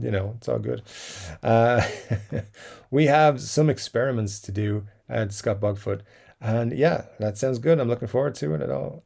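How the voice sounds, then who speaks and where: A man hosts a relaxed livestream chat and reads out viewer messages. His voice is dark and mellow, with a gravelly fry running through it. He wanders between thoughts, full of "um"s and soft chuckles. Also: medium pitch. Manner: rambling, many fillers and chuckles. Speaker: livestream host reading chat. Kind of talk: casual live-stream chat.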